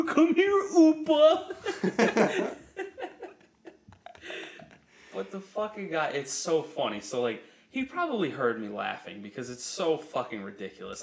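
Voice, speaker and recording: A young man with a low, gravelly voice tells stories on his podcast, swearing freely and breaking into laughter. His delivery is loose and animated, a casual chat between friends. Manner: profane, laughing, animated storyteller. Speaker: podcast co-host.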